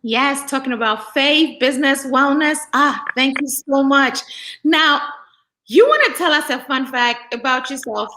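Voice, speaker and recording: A woman hosting an interview, asking questions in an unhurried, friendly way. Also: high voice, sharp tone, low-quality recording. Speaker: host. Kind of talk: interview conversation.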